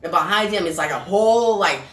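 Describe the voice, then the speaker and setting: A woman's voice: on the low side, brisk. A woman casually reviewing a comic book, chatty, often repeating words and asking viewers for thoughts. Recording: roomy and distant, faint music.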